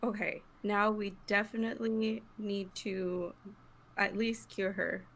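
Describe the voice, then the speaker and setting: Female player, deliberate and slow-paced, casual game chat. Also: mid-range voice, steady tone, fairly bright tone.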